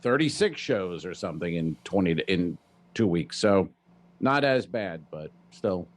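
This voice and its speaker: Rambling deadpan comedian, Rhode Island accent. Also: male voice, low voice, measured pace. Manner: rambling storyteller, deadpan complaints, frequent fillers. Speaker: comedian and podcast co-host. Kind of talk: casual comedy podcast chat.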